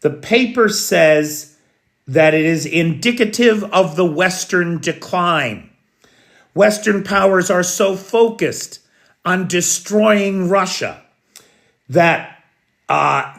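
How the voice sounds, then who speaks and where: An American man hosts a live news show in an unhurried, chatty way, greeting viewers one by one. His voice sits a bit high for a man, and he takes his time between phrases. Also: a bit bright. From United States. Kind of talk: casual live news commentary.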